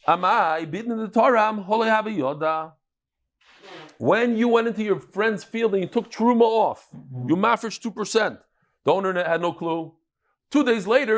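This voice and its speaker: High-voiced man teaching Talmud. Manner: lively, joking, acts out quotes. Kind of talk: daily Talmud class.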